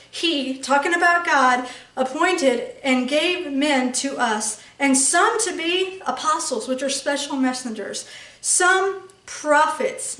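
A woman's voice: high voice, fairly bright tone. A woman preacher teaching a sermon emphatically, checking in with her listeners by asking "okay?" again and again. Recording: echoey room, voice from a distance.

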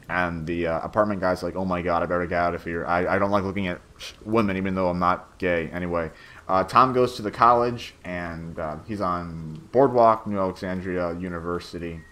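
A man's voice: low voice, a bit bright. A young man giving a rambling, stammering director's commentary on his own machinima, full of fillers and swearing.

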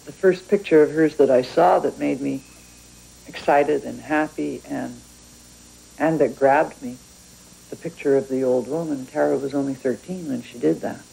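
A woman's voice: very deep voice, moderate pace, vocal fry, mellow, slightly rough, rough recording. A woman from Canada, a writer talking about her work in a thoughtful, conversational interview. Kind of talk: reflective interview talk.

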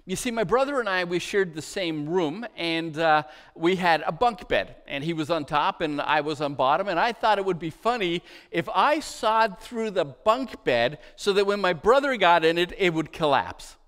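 A middle-aged man preaches in a church with a high, bright-pitched voice, and a long reverb hangs behind every phrase. He tells his stories warmly, then drops to a near whisper for the tender parts. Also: animated, moderate pace, few pauses. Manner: storytelling, dropping to a hushed voice for tender moments. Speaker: pastor. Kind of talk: sermon.

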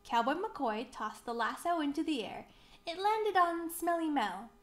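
A woman reading a children's picture book aloud, slow, clear and expressive for young children. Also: high voice. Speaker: museum storybook reader.

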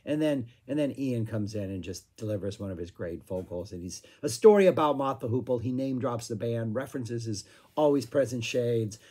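A man casually talking through his favorite songs, with frequent fillers and a voice that is going hoarse. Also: medium pitch, expressive, normal speed, mellow. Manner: rambling, filler-heavy, hums guitar riffs. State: losing his voice, clearing throat. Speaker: music review vlogger. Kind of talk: casual chat.

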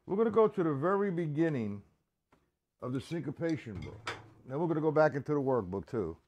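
A man giving a casual live-stream drum lesson, chatting with viewers by name and counting beats out loud. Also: a little high, sing-song, a little fast, muffled recording, slight background noise. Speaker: drum teacher.

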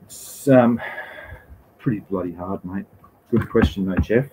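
A man's voice: deep voice, a little slow, mellow, a little hiss or hum, low-quality recording. A man with an Australian accent hosting a live stream and answering chat questions in a laid-back, rambling way, with slang and the odd swear word. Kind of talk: casual live Q&A.

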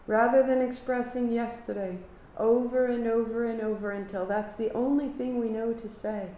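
Echoey woman leading yoga class. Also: a little high. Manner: calm guiding cues, then animated storytelling with acted quotes. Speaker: yoga teacher. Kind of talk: live yoga class instruction.

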